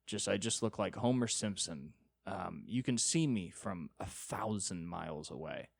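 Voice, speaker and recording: A young man with a lowish voice tells a rambling comic story on his own podcast, profane and self-mocking. The sound is close and dry, with no room around it. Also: lively intonation, unhurried, vocal fry, breathy edge, no room sound. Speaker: podcast host, comedian. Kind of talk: solo comedic storytelling.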